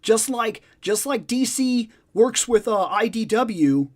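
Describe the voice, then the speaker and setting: A man's voice: high voice, animated, takes it slowly. A man hosting a casual discussion chat, emphatic and profane, repeating his points for stress. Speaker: podcast host.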